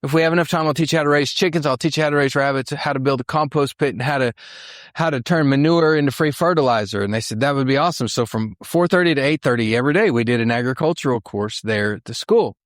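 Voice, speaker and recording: A man's voice: medium pitch, fast talker, dry recording, studio quality. A middle-aged man from Western Oklahoma giving a church mission talk, telling his story in a folksy, earnest way with fillers and restarts. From Western Oklahoma, USA. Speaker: missionary speaker.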